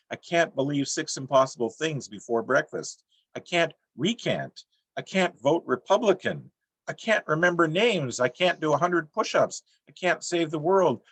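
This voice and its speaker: A middle-aged man reading his own poems on a video call, with a dry, deadpan delivery and self-mocking jokes. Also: a little high, slightly rough, no room sound. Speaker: featured poet. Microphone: computer mic on a video call.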